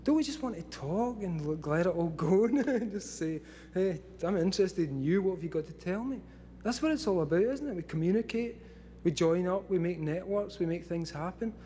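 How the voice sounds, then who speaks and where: This Scottish man in his forties rambles through a talk for a live audience, swearing freely, laughing often, and sounding excitable. His voice is high and brisk, with a slight hiss or hum in the audio.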